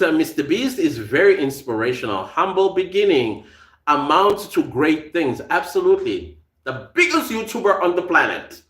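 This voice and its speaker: A South African man, his accent lightly tinged with American, hosts a live podcast, reading viewer comments aloud in chatty live-stream talk and laughing often. His voice is a little high, and the room sounds echoey.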